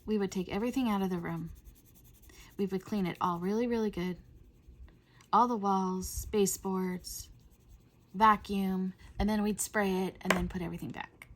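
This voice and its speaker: A middle-aged woman hosting a coloring video, chatting in a rambling way and often dropping to a soft whisper. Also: mid-range voice, steady tone, moderate pace, long pauses, a little hiss or hum. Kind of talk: casual chat while coloring.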